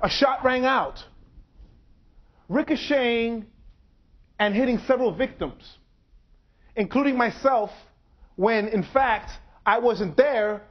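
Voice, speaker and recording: A man speaking slowly and deliberately to an audience at a university, telling his own story. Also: high voice, muffled recording. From United States. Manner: slow, measured, deliberate delivery. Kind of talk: public talk. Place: university lecture hall.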